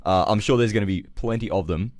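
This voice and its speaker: A young man co-hosting a podcast, chipping in with quick quips and reactions in casual chat. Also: fairly low pitch, darkish tone, no echo. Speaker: podcast co-host.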